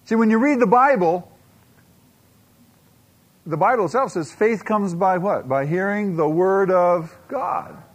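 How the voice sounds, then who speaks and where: Emphatic man preaching with dramatic pauses. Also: sits high. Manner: emphatic preacher, rhetorical questions, dramatic slow-downs and quiet asides. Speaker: pastor. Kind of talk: sermon.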